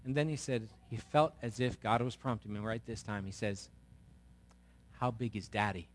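A man's voice: mid-range voice, brisk. A male pastor giving a sermon in a conversational, storytelling way with emphatic asides.

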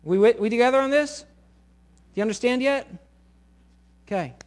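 A middle-aged male pastor preaching a sermon, animated and sometimes acting out quoted voices loudly. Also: very high-pitched, normal speed.

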